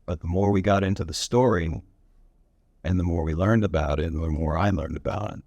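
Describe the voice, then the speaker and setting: Low-voiced man panelist, earnest and reflective, dry close sound. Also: a little mellow, no room sound, dull audio. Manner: earnest, thoughtful, halting. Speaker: panelist actor.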